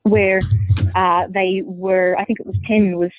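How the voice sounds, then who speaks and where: A woman with a softened Australian accent, a linguist guest explaining her views in a measured, thinking-aloud way. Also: medium pitch, level tone, faint music behind. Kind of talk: conversational interview answer. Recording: dry tinny phone-like line.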